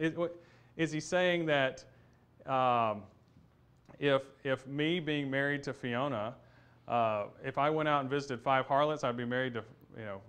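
A man's voice: mid-range voice, a bit bright, clean tone. A man teaching a Bible study lesson, explaining a passage step by step in a conversational way, thinking aloud with restarts and fillers.

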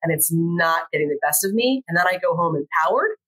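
A woman's voice: fairly low pitch, fairly quick, husky, poor audio. A woman educator as a podcast guest, chatting casually and telling stories animatedly. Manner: animated storytelling, acts out quoted voices. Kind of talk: casual conversation.

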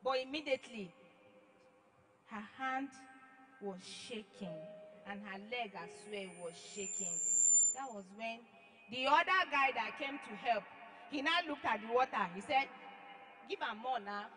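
A woman giving an emotional church testimony, dramatic, acting out her own shouts and then dropping to hushed tones. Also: on the high side, animated, measured pace, pauses often, a little hiss or hum, rough recording. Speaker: testimony giver.

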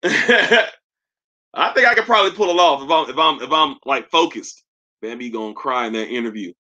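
Hosting a sneaker livestream, a young man goes through chat comments in a relaxed, slangy way, poking fun at his audience. He has a mid-range, sharp-toned voice with lively intonation and a moderate pace.

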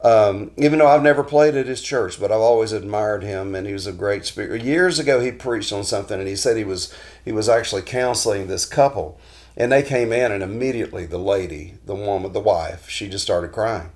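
A man hosting a weekly devotional talk, telling stories in a folksy, unhurried way full of restarts. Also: on the low side, a little mellow. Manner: folksy storytelling with frequent restarts.

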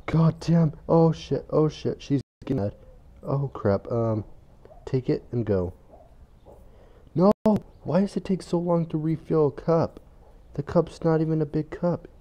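A man's voice: medium pitch, expressive, measured pace, dark tone, highs cut off. A young man giving casual gameplay commentary as a gaming YouTuber, grumbling and swearing, turning frantic when the game gets hectic, recorded on a phone at home.

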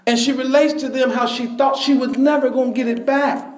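A man preaching a sermon, telling a story with bursts of shouting and laughter. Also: very high voice, steady tone, brisk, echoey room.

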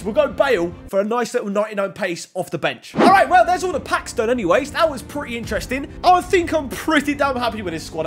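A young man giving excitable commentary on his own football video game match, shouting at big plays. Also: sits high. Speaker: gaming YouTuber. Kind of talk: gameplay commentary.

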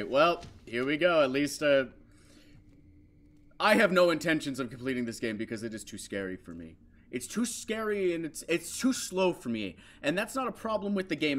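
Gaming host, male, higher-pitched, skittish horror commentary with frequent mutters and yelps. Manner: jumpy, shrieking when scared, muttering to himself. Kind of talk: horror game let's play commentary.

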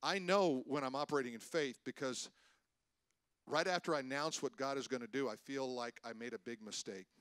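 An older man preaching a sermon as pastor, animated, with loud rises for emphasis and calls out to the congregation. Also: medium pitch, fairly quick, clean tone, no room sound. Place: church stage.

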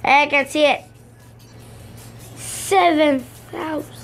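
A woman from the Philippines, giving excitable, playful commentary as she plays a mobile game at home. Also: high voice, takes it slowly, faint music behind. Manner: excitable and playful, bursts of exclamations and giggles. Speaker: gaming channel host. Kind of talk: casual let's-play commentary.

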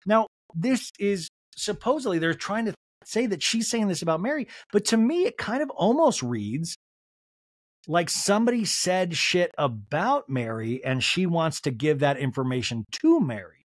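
A man's voice: high-pitched, big pitch swings, moderate pace, dry recording, studio quality. A man hosting a podcast, recapping a show with gossipy asides. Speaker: podcast host. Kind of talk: casual recap commentary.

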